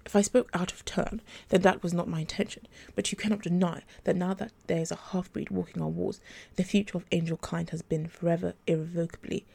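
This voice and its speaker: A man's voice: high-pitched, level tone, brisk, gravelly, a little mellow, slightly rough, full character voice. A woman voicing a proud, stiff male angel councillor who speaks formally and defensively, in a storybook reading.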